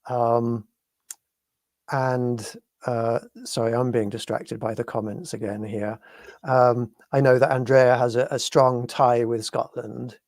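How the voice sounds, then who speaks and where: A man from the UK co-hosting a live paranormal talk show, speaking in a measured, hesitant way as he searches for words. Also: medium pitch, level tone, darkish tone, no room sound, clean studio sound. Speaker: podcast co-host.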